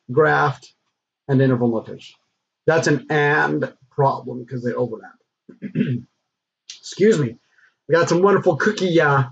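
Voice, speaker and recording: A man teaching a recorded math lesson, talking through the steps in a relaxed, conversational way with frequent fillers. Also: a little high, a little hiss or hum. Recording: dull lo-fi recording.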